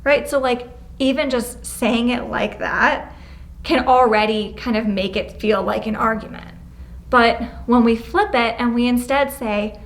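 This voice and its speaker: A woman with a fairly high voice runs a classroom activity. She gives short, brisk directions in an encouraging way. She acts out sample phrases with a shifting tone. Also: steady tone. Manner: acts out example phrases with changing tone. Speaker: prevention educator leading a class. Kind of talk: classroom instruction. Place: school classroom, indoors.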